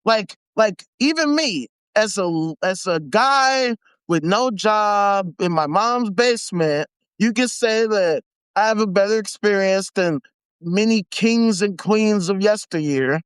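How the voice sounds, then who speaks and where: An American live-stream host delivers a casual, animated rant full of profanity and slang, often repeating himself for emphasis. His voice sits high and sounds clear and resonant, his pace is measured, and there's no room sound.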